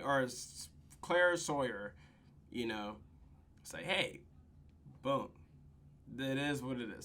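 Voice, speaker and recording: A young man hosting a podcast, casually recapping a TV episode in animated, profane slang and acting out the characters' lines. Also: on the high side.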